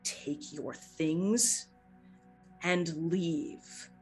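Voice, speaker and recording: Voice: medium pitch, drawn-out words, soft background music, rough recording. A game master voicing a stern older grandmother who gives cold, commanding threats.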